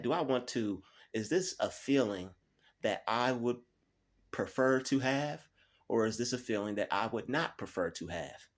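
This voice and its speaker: With a lowish voice, a male channel host delivers an inspirational self-help talk, frequently tossing in "all right?" and slowing his delivery to stress the key points.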